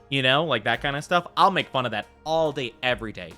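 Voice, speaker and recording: A man's voice: mid-range voice, fairly quick, hardly any pauses, bright, forceful tone, smooth, faint music behind. An American man chatting casually while streaming a game, rambling with lots of fillers and tangents. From United States.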